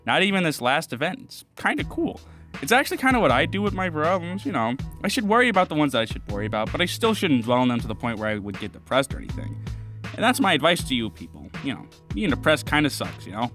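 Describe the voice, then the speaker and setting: A man's voice: on the high side, very animated, quick pace, a bit bright. A young man giving a casual, profane, rambling reaction commentary on a show, swearing a lot and laughing often. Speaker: anime reviewer. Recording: faint music behind.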